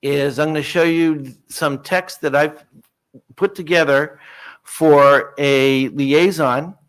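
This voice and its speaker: A man's voice: a little high, fairly even intonation, slow, clean tone. Man, meeting presenter, polite, chatty, fillers and restarts, conference room mic. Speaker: working group presenter.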